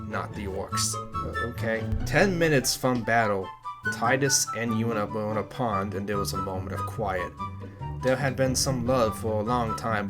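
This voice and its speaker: A man reads a clumsy fanfic aloud and breaks in with sarcastic, exasperated jokes. His voice sits at a medium pitch. Music plays clearly behind him. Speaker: comedy reviewer reading fanfic. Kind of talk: mocking commentary on a reading.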